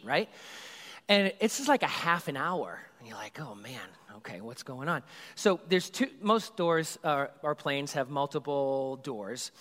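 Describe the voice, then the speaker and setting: A man, a youth group leader, telling a comedic story in an animated, rambling way and acting out the scenes. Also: fairly high pitch. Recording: reverberant hall.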